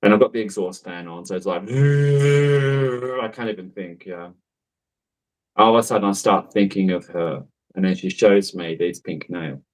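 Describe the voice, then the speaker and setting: Heard through poor audio, a psychic medium rambles his way through a story, chatting loosely with plenty of filler words, laughs and digressions. His voice sits on the low side and he doesn't rush.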